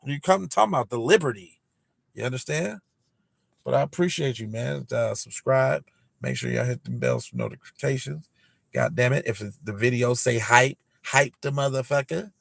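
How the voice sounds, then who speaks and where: Gravelly man teasing on a livestream. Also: mid-range voice, a little fast, no echo. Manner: animated, teasing, slangy, lots of fillers. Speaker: podcast host. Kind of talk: early-morning livestream chat.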